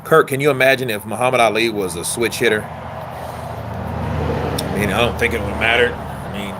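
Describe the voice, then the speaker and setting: A man's voice: on the low side, fairly even intonation, moderate pace, noisy background. A man hosting a casual boxing chat, talking loosely and profanely in a rambling street style and answering viewer questions. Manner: answers viewer questions, acts out quotes with voice shifts. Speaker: boxing commentary host.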